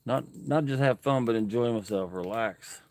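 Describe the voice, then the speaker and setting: A man's voice: medium pitch, moderate pace, a little mellow, dry recording. A man, livestreaming from an outdoor campsite, talking earnestly and emotionally to viewers and reading out their comments. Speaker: camping livestreamer. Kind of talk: casual livestream chat.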